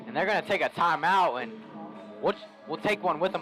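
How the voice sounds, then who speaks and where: A man's voice: fairly high pitch, expressive, brisk, fairly bright tone, soft background music, rough recording. A young man doing chatty, lightly joking play-by-play commentary for a school basketball game. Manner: chatty, lightly joking, talks while eating. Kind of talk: local sports commentary.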